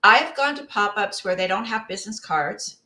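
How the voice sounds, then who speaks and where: Bright-voiced woman coaching, echoey room. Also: medium pitch, expressive, moderate pace. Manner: emphatic, coaching tone. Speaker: co-host. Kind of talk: casual podcast chat giving business advice. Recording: roomy echo.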